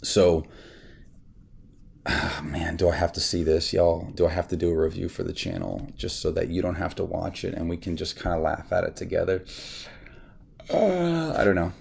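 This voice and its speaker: A man hosting a casual movie reaction video, talking in an animated, ranting way and often saying y'all. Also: deep voice, moderate pace, vocal fry, a little hiss or hum. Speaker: film reviewer and channel host.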